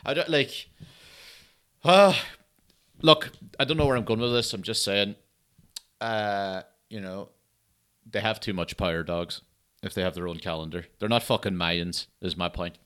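A man's voice: fairly low pitch, moderate pace, long pauses, fairly bright tone. A man, talking at home on a solo comedy podcast in rambling, sweary rants. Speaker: podcast host.

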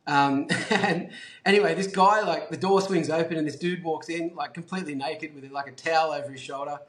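Animated Australian man, echoey room. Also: on the high side, fairly quick. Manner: animated, swears freely, heavy use of "like" and "um". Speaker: guest, brand founder. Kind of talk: casual storytelling chat.

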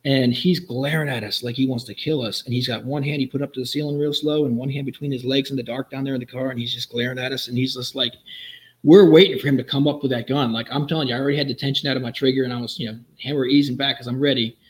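A man's voice: mid-range voice, steady tone, rough recording. A middle-aged man, a former police officer, tells wry and vivid stories of the job in a conversation. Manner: brisk, vivid, wry storyteller. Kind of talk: anecdotal storytelling in a conversation.

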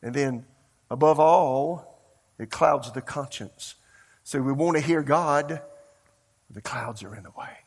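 A pastor with a mid-range, slightly breathy voice preaches slowly, leaving long pauses. He tells a story fervently yet conversationally, speaking straight to the congregation.

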